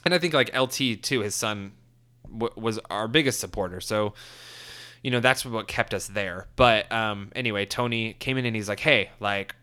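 A man's voice: fairly low pitch, normal speed, sharp tone, clean tone. A man in his twenties telling a story in a casual, rambling way, swearing a lot and full of fillers. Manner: profane, rambling, many fillers. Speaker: former wrestler telling a story.

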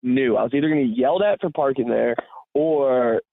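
A man co-hosting a podcast, telling a rambling, animated story full of fillers and laughs. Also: mid-range voice, brisk, creaky, no room sound. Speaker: podcast co-host. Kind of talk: casual storytelling chat. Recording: dry, tinny phone-like sound.

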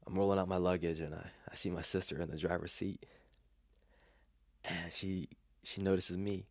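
Young man, very deep voice, dry close sound, reflective emotional storytelling, hushed at times, halting with fillers. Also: level tone, no room sound. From Los Angeles area, US. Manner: reflective, emotional, many fillers and restarts, often drops to a soft near-whisper. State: emotional, tearing up. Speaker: vlogger telling a personal story. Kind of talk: casual personal storytelling.

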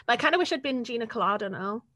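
Young woman, rapid talker, casual and sweary, dead dry sound. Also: a little high, lively intonation, pushed and bright, no room sound. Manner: chatty, sweary, laughs often. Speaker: podcast guest, freelance journalist. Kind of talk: casual interview chat.

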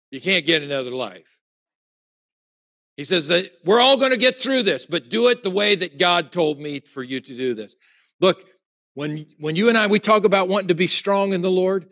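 A pastor tells a personal story in his sermon, moving between loud emphasis and hushed, quiet moments. His voice is a little high, captured in a dry, studio-quality recording.

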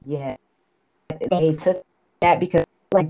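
A woman co-hosting a movie review podcast, retelling scenes in casual, profane, animated chat. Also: fairly low pitch, moderate pace, crowd noise, rough recording. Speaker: podcast co-host.

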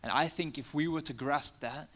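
A man's voice: fairly high pitch, normal speed, a bit bright. A man preaching a sermon in a conversational way, full of fillers, building to passionate emphasis.

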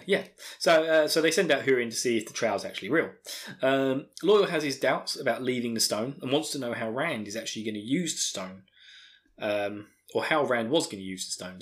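A man's voice: medium pitch, fairly bright tone. A man with an Essex accent, hosting a podcast in casual, rambling chat with lots of fillers. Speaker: podcast host.

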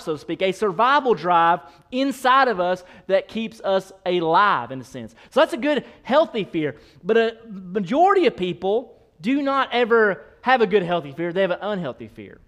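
A male pastor preaching a sermon in an animated, playful way, speeding up and slowing down as he goes. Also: sits high. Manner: animated, playful, shifting pace.

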